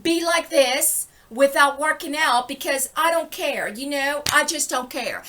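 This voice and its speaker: High, bright-voiced indignant woman. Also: measured pace, few pauses. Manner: indignant, rambling, repeatedly asks "okay?". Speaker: vlogger. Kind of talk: impassioned personal monologue.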